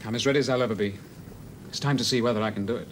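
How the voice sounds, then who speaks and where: A man's voice: medium pitch, racing, heavy background noise, natural voice. A man in a period TV drama, speaking in a blunt, matter-of-fact way.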